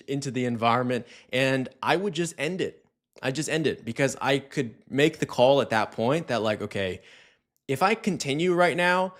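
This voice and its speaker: Young guy talking dog training tips, relaxed and chatty, mid-pitched voice, says things twice for emphasis. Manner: casual, repeats key points, playful voices for dog talk. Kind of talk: instructional talk to camera.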